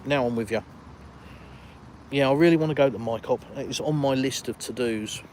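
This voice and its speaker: Strolling through a village on a live walkabout, an older, retired man from England chats casually with his stream's audience. His mid-range voice moves at a normal pace over faint background noise as he reads out comments and responds to each.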